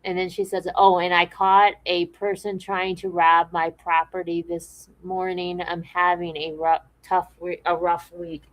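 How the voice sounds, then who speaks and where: A woman co-hosting a podcast, chatting in a relaxed way and reading viewer comments aloud. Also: lowish voice, measured pace, hardly any pauses, poor audio. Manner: relaxed and conversational, with frequent restarts. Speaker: podcast co-host.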